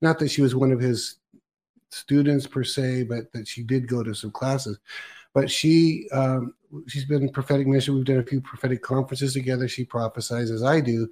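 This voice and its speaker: A man hosting a relaxed talk show, sounding conversational and easygoing. He recaps stories and chats along with his guest in an everyday voice. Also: medium pitch, normal speed. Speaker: host. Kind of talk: casual chat.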